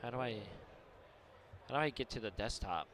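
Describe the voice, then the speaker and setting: A man's voice: medium pitch, lively intonation, normal speed, background noise. A man streaming live, chatting casually to viewers while he mutters through setting up his computer.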